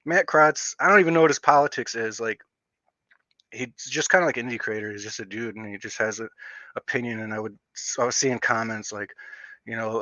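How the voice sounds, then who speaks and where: Bright-voiced streamer man with a slight stutter. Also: medium pitch, no echo, dull audio. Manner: rambling, with frequent fillers and restarts. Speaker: livestream host. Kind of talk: casual livestream rant.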